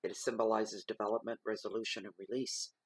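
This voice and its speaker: A man giving a slow, reflective spoken tarot reading, reading card keywords aloud. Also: lowish voice, flat delivery, husky, no room sound. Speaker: tarot reader.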